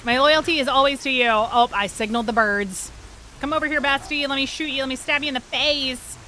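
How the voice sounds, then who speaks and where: Chatty gamer girl on stream, high bright voice, curses a lot, faint hiss behind her. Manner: chatty, swears freely, quick reactions to the game. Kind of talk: casual gameplay livestream chat.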